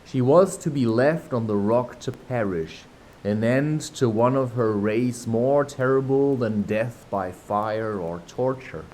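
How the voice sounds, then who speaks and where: A man with a mid-range, darkish voice reads a classic children's novel aloud as an audiobook, unhurried, breaking off now and then for chatty asides and laughing at himself. The recording is low quality, with a little hiss or hum.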